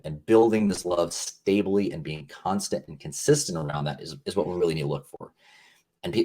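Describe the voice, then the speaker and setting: Guesting on a podcast, this man rambles earnestly and casually, stumbling through fillers and restarts. A deep, slightly rough, husky quality marks his low voice the whole way, with a slightly mellow feel.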